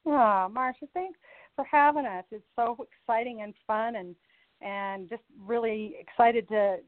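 Excited female radio guest, gushing delivery, phone-line sound. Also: fairly high pitch, a little slow, no room sound. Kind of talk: radio interview. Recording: dry tinny phone line.

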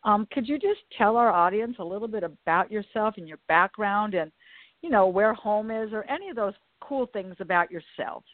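A woman's voice: medium pitch, expressive, normal speed, no echo. Enthusiastic woman hosting over a phone line. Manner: enthusiastic, effusive. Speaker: radio show host. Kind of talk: talk radio interview. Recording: dry phone-line sound with faint music.

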